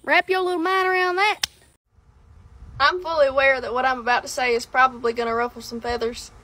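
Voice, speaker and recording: A woman from South Alabama with a strong Southern accent speaks in a high, bright voice. She rants bluntly and sassily at her commenters, folksy and unapologetic. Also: steady tone, fairly quick, slight background noise. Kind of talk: outspoken social media rant.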